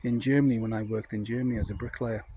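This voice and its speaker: A man's voice: on the low side, steady tone, quick pace, dark tone, slight background noise. A man in his fifties with a North Welsh accent, telling anecdotes in a chatty, rambling way with plenty of fillers. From North Wales. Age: 50s. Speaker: vlogger. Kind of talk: casual anecdotal monologue.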